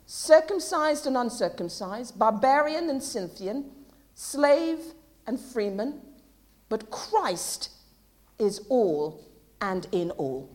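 A woman delivers a sermon in a high, lively voice that climbs and dips widely. She talks at an unhurried pace, moving from soft, thoughtful asides to loud, impassioned proclamations. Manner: impassioned, swings from quiet musing to loud declarations. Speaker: preacher.

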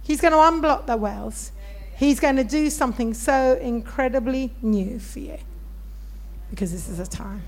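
A woman preaching a sermon, telling stories with animated voices for the people in them. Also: a little high, normal speed. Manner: storytelling, animated, acts out voices in anecdotes.

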